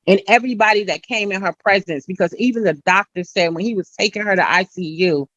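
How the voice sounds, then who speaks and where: A woman's voice: mid-range voice, quick pace, fairly bright tone, no echo, lo-fi sound. A middle-aged woman giving an earnest personal testimony as an interview guest, retelling conversations with frequent asides.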